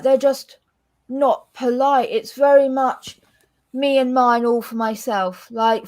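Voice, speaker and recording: A woman's voice: sits high, slow, a little mellow. Blunt, sweary English woman. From England. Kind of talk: casual chat.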